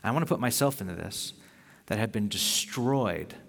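A man preaching a sermon as pastor, earnest and conversational, acting out quick asides as he talks. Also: on the low side, lively intonation, creaky, fairly bright tone, long reverb tail.

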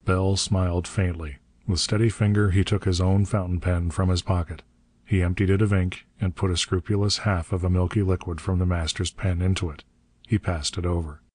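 A man narrating a story in a steady, measured reading. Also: deep voice, no echo. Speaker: audiobook narrator. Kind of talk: scripted narration.

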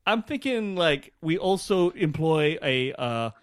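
A man in his forties co-hosting a casual podcast chat, swearing freely and breaking into loud laughs. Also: fairly high pitch, animated, slow, clean tone. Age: 40s. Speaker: podcast co-host.

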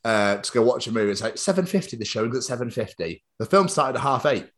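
A man's voice: mid-range voice, expressive, fast talker, a bit bright. A man hosting a podcast in casual, rambling, sweary comic chat. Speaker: podcast host.

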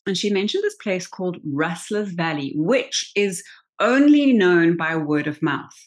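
Woman, forties, somewhat low voice, animated storytelling, quick restarts. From South Africa. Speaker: actress guest. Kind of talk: casual interview storytelling.

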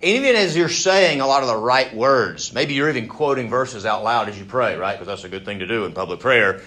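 A man's voice: medium pitch, lively intonation, fairly quick, few pauses, fairly bright tone. A man teaching a Bible passage to a group in a conversational way, often asking them questions and repeating words as he restarts. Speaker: Bible study leader.

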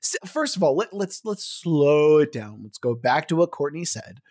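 A man's voice: a little high, big pitch swings, normal speed, a little mellow. A man brainstorming a game setting in casual chat, enthusiastic and full of fillers, swearing now and then.

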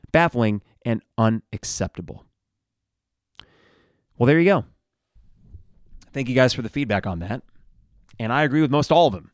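A middle-aged man hosts a sports podcast, working through a stack of listener comments in a wry, conversational way. His voice sits at an ordinary middle pitch and comes across dry and close, with no room sound around it. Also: clear, resonant tone, no room sound. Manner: wry, conversational, reads out comments one after another. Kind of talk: reading listener replies aloud, casual commentary.

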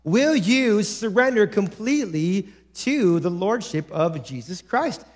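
A male pastor preaching a sermon in church, animated, acting out quoted voices with many restarts. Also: high-pitched, a little slow.

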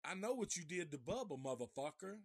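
A man's voice: fairly high pitch, sing-song, brisk, slightly rough, dry recording, clean studio sound, exaggerated voice. A man doing a defiant young girl. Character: bold defiant twelve-year-old girl.

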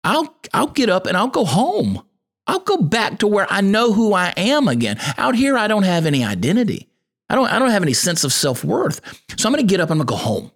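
A man voices an earnest, repentant young man, resolving to head home. The voice rides noticeably higher than his usual talk, steady and determined, as he works himself up to a decision. It is told as a retold parable inside a podcast. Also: brisk, full character voice. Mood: resolute.

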